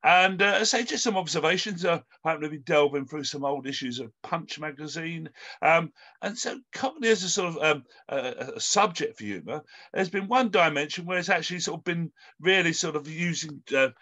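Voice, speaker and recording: Bright-voiced man hosting a video call. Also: on the high side, lively intonation, brisk. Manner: hesitant, with many ums and restarts. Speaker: host. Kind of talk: hosting an online panel discussion.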